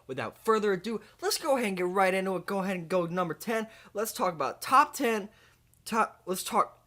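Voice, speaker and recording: Playing an overconfident movie ranker in a comedy video, this male host rambles, bumbles, and trips over his words, full of fillers and restarts. His voice is on the high side and a bit bright.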